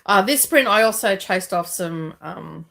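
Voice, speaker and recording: A woman's voice: mid-range voice, expressive, measured pace, gravelly, a bit bright. A woman chatting casually on a book club stream, telling stories in a blunt, matter-of-fact way. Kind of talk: casual chat.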